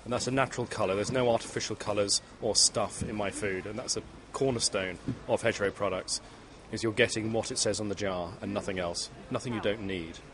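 Fast, upbeat food seller. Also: male voice, fairly low pitch, fairly even intonation, fairly bright tone, a little hiss or hum. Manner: enthusiastic, persuasive. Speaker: food producer. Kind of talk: sales pitch at a stall.

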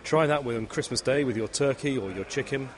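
A man pitching his food products at a stall, enthusiastic and persuasive. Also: brisk, a crowd in the background.

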